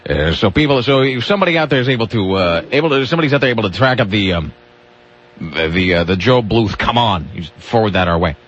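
A man's voice: lowish voice, animated, quick pace, fairly bright tone, slightly rough. A man hosting a radio show, talking in a rambling way with restarts and grumpy rants. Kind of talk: casual radio banter. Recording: dull lo-fi radio broadcast.

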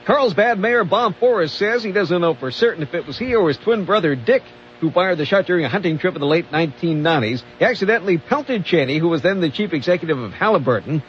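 A man's voice: high-pitched, expressive, fast, slight background noise. A man co-hosting a radio show, reading news items with dry wisecracks. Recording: muffled lo-fi radio broadcast.

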